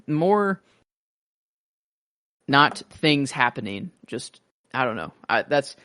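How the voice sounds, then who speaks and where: A man co-hosts a podcast and chats in a loose, rambling way, often restarting his sentences. His voice sits at an ordinary middle pitch. It is recorded close and dry, with no room sound around it. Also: sing-song, slow pace, sharp tone, dry recording. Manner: rambling, many restarts and fillers. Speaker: podcast co-host. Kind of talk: casual chat.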